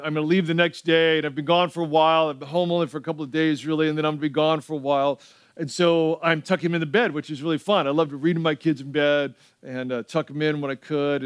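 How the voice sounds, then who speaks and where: A man's voice: high-pitched, smooth, no room sound, studio quality. A middle-aged male pastor preaching a sermon, telling stories in a conversational way and prompting the audience to respond.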